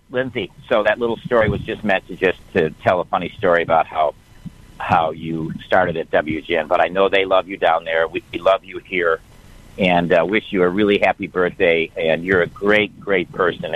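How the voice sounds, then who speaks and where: A man's voice: deep voice, normal speed, a bit bright, muffled recording. An older man calling in to a radio show, telling a rambling family story with chuckles. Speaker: caller, guest's father. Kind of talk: phone-in storytelling.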